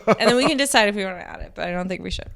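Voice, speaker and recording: A woman's voice: medium pitch, rapid-fire, creaky, fairly bright tone. A woman in her thirties telling a story as a podcast guest, chatty and laughing often, full of "like" and "whatever". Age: 30s. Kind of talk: casual storytelling chat.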